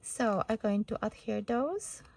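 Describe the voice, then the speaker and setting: A woman hosting a casual craft tutorial at her desk, thinking aloud and hesitating over choices, her voice slightly hoarse. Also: fairly high pitch, animated, a little slow, darkish tone, low-quality recording.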